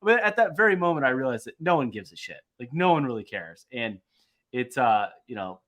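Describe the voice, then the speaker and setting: A man co-hosting a podcast, telling a travel story in casual chat, excitable and swearing freely, his voice jumping up when riled. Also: mid-range voice, brisk. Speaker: podcast co-host.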